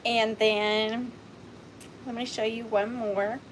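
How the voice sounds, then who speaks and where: A woman's voice: on the high side, level tone, slow, slight background noise. A woman hosting a live online vintage sale, chatting casually and rambling with playful wordplay. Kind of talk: casual live-stream chat.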